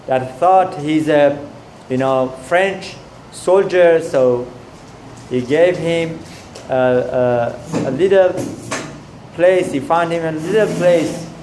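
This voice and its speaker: A male rabbi delivers a sermon through a story, pausing and restarting often. His voice sits a little high for a man. The recording carries a roomy echo. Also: darkish tone, a little hiss or hum. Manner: halting, many fillers and restarts.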